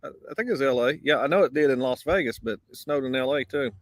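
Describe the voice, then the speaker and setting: Man, live-show host, easygoing drawl, basic mic outdoors, mid pitch. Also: expressive, fast, no echo, clean studio sound. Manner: easygoing, drawls greetings to viewers. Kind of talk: casual live-stream chat. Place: outdoors on a windy day. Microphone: basic mic, no wind cancelling.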